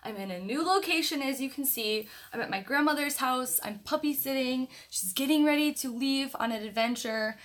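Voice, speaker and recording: Chatty young woman on a home livestream, bubbly, lots of um and like, kinda high voice. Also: moderate pace, hardly any pauses, fairly bright tone. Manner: bubbly, greeting viewers by name, many fillers. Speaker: livestream host of an online book club. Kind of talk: casual livestream chat. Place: at her grandmother's house, indoors.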